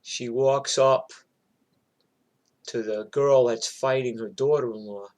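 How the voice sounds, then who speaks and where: A man telling a story in a casual, animated, chatty way. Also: mid-range voice, slow pace.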